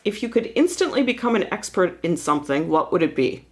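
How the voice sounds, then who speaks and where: A woman co-hosting a book podcast, briskly asking lightning-round questions. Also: on the low side, very animated, slightly rough. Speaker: podcast co-host.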